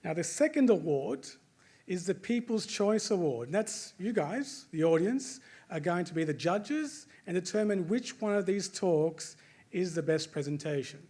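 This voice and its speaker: A man's voice: high voice, lively intonation, measured pace, dark tone. A man with an Australian accent, hosting a live event and addressing the audience in a chatty, joking way. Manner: jokey, chatty, asks the crowd questions. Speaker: event host.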